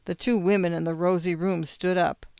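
A woman narrating a story in a steady, measured reading voice. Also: lowish voice, vocal fry, smooth, no echo, clean studio sound. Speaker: audiobook narrator.

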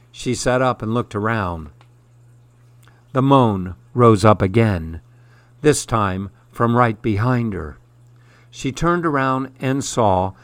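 A man narrating short horror stories in a slow, measured storytelling voice. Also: mid-range voice, no echo.

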